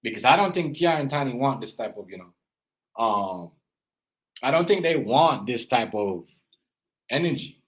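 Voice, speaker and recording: Animated at a normal speed but pausing often, a father who vlogs reactions speaks in a mid-range voice over a rough recording. His casual talk is earnest and rambling, a parenting lecture full of "you know" and "as I said."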